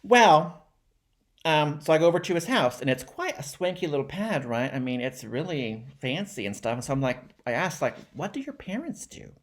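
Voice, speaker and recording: A man talking in a casual, rambling monologue, trying out a rough joke with fillers and self-deprecating laughs. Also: medium pitch, expressive, brisk, few pauses.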